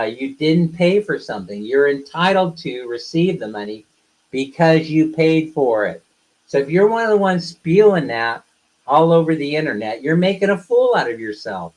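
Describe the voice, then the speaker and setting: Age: adult. Sex: man. Pitch: fairly high. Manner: blunt, ranting live streamer. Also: poor audio. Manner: blunt, ranting, talks straight to viewers. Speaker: live streamer, co-host of a couple's channel. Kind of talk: casual live stream talk.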